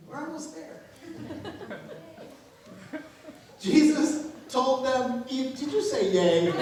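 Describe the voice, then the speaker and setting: A woman's voice: fairly high pitch, a little mellow, slight background noise. Woman pastor, 50s, easygoing joking sermon, heard from far off in a very echoey church. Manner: conversational and humorous, with laughs. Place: church sanctuary. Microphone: distant room mic.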